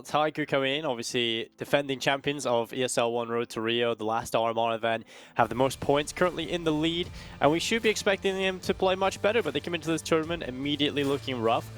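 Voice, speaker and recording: A man breaking down an esports team's form on a panel in a steady, matter-of-fact way. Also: mid-range voice, quick pace, faint music behind. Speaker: esports analyst. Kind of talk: casual panel analysis.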